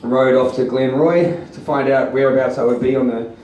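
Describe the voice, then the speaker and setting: In a steady, slightly mellow mid-range voice at a moderate pace, a comedian meanders through a crude, self-deprecating story heavy with ums and uhs. The far-off camera recording from a small, echoey venue has a little hiss or hum, and the audience laughs along.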